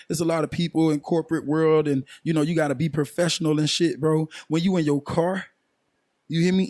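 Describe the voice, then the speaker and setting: A man's voice: fairly high pitch, a little mellow, dry recording, studio quality. Laid-back young man telling stories. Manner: laid-back slang-heavy storytelling, frequent "you feel me". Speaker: guest musician. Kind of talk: casual podcast conversation.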